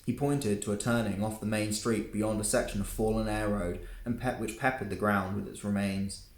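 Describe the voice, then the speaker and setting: A man's voice: fairly low pitch, fairly even intonation, moderate pace, echoey room. A man reading his own novella aloud as an audiobook, in a casual way with occasional slips. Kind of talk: audiobook narration.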